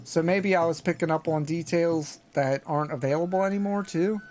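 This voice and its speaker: Relaxed male live streamer, chatty, slightly raised pitch, over faint music. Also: a little fast, few pauses. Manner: relaxed, chatty, frequent fillers. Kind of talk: casual live gaming chat.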